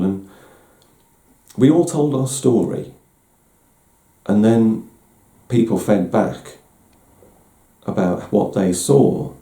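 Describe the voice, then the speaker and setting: Low gravelly man, roomy echo. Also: mellow. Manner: candid, self-deprecating, with frequent restarts. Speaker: host. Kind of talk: reflective personal talk.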